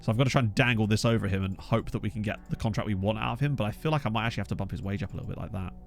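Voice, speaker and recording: A man in casual let's-play commentary, chatty and self-mocking as he thinks out loud at a desk microphone. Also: fairly low pitch, very fast, creaky, faint music behind. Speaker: gaming YouTuber. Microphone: USB desk microphone.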